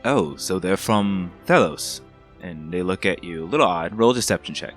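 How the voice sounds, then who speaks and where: A man's voice: low-pitched, lively intonation, moderate pace, soft background music. A man narrating a tabletop game as game master, describing scenes loosely with many fillers.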